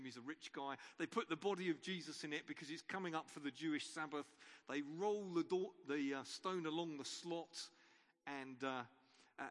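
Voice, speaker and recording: A man's voice: on the high side, fairly bright tone. Man preaching in a reverberant church. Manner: informal storytelling with wry asides. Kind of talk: Easter sermon.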